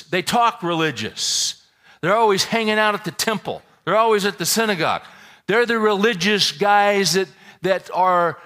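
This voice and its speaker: A man preaching a sermon, lively and folksy, full of rhetorical questions and asides. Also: high-pitched. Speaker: pastor.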